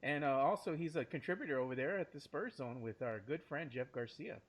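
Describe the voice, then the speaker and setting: A man hosting a casual sports podcast in a studio, loud and joking. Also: a little high, animated, fairly quick. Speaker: podcast host.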